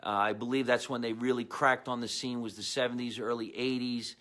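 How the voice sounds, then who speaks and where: A man's voice: mid-range voice, fairly quick. A man hosting his own comedy show, telling rambling stories with a New Jersey accent and talking straight to his viewers. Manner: rambling, animated storyteller with asides to viewers. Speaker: comedian podcast host. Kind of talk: casual storytelling monologue.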